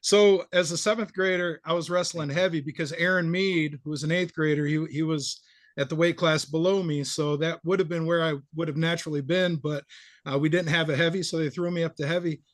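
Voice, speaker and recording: A middle-aged man telling a story about his school wrestling days in a grateful, animated way as a guest. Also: on the high side, a little fast, no echo, clean studio sound. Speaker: former student athlete, guest. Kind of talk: casual storytelling.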